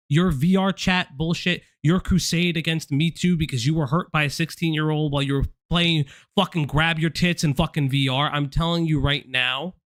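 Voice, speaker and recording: On a stream, a commentary streamer delivers a heated rant, bluntly and profanely lecturing someone he's angry at. His voice is fairly high in pitch, and the recording is dry.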